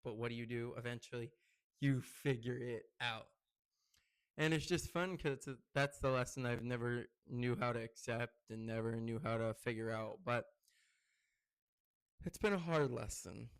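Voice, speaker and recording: Smooth-voiced man rambling on a podcast. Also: moderate pace, no echo. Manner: rambling, chatty storytelling with many fillers; gets loud and high-pitched when excited. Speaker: podcast host. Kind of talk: casual solo podcast chat.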